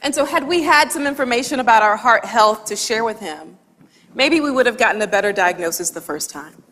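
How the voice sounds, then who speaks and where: A woman giving a talk, telling a humorous story with quoted dialogue in a lively way. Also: fairly high pitch, brisk. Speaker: speaker. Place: large hall with audience. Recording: long hall reverb.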